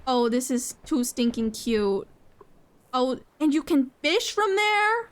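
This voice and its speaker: A young woman chats casually as she streams a game, her voice sitting a little high. She talks at an unhurried pace. She gets excited easily, gasps often and repeats her phrases.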